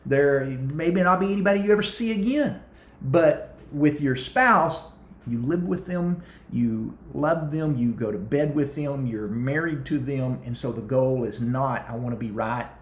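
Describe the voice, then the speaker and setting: A man co-hosting a marriage advice show, talking fast and energetically with frequent restarts. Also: medium pitch, reverberant, a little hiss or hum. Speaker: co-host of a marriage talk show. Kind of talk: casual advice talk.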